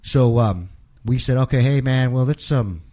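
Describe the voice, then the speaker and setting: A man's voice: medium pitch, moderate pace, dark tone. A man telling a long personal story in a casual interview, rambling and restarting and quoting others in his own voice. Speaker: interview guest.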